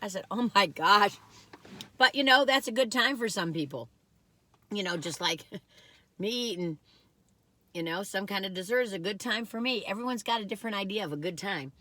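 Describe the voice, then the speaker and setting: A woman's voice: mid-range voice, a bit bright, no room sound. A chatty woman vlogging a food taste test, rambling as she eats and laughing often. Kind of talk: casual chat.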